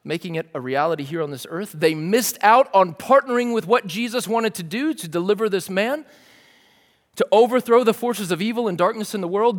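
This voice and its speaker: A man's voice: a little high, lively intonation, measured pace, long reverb tail. A man preaching a sermon as a pastor, telling the story vividly in a casual way, with fillers like "like" and "dude".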